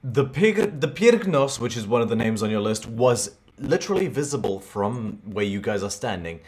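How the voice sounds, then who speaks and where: A man's voice: medium pitch, big pitch swings, moderate pace, darkish tone, a little hiss or hum. A man narrating a tabletop game as game master, describing scenes in detail.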